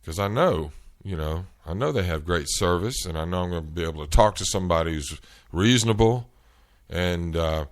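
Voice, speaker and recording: A man hosting a show, telling an animated, exasperated story in casual chat. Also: low-pitched. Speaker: show host. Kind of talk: storytelling rant.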